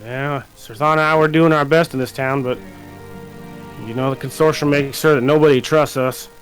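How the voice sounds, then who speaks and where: A man's voice: fairly high pitch, steady tone, normal speed, soft background music, lightly acted, rough recording. A man as game master voicing an earnest, hesitant small-town constable in a tabletop role-play. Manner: hesitant, many restarts and fillers.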